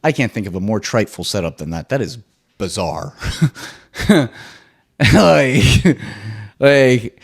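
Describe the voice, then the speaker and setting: A man hosting his own podcast, ranting solo in an excitable, profane, rambling way. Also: mid-range voice, takes it slowly, creaky, pauses often. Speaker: podcast host.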